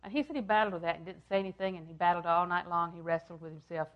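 An older woman preaching a sermon, repeating phrases for emphasis and swinging from loud, emphatic lines down to hushed ones. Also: on the low side, rapid-fire, dull audio.

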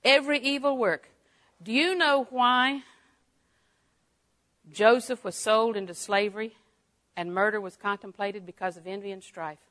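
A woman's voice: medium pitch, measured pace, pauses often. Folksy woman teaching Bible lesson. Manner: folksy, swings from hushed to exclaiming.

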